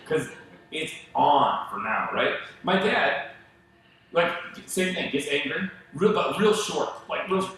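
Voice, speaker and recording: A man's voice: mid-range voice, slight background noise. Man preaching in an echoey church. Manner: conversational and animated, with asides and acted-out quotes. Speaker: pastor. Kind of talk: sermon. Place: church auditorium.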